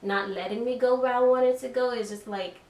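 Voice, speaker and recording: A young adult woman giving a reflective, soft-spoken personal testimony, often saying "like.". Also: a little high, steady tone, fairly quick. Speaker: daughter giving her testimony. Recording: echoey room, distant mic, faint hiss.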